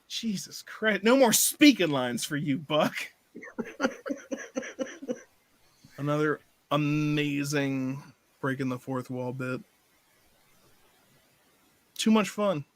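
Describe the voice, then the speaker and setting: A man with a slightly high voice chats about films with a friend, joking and acting out quotes in silly voices. His voice sounds close and dry, with no room echo. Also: animated, slow pace, pauses often, bright, forceful tone. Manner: joking, quotes movie lines in put-on voices, laughs often. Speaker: podcast co-host. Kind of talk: casual movie review chat.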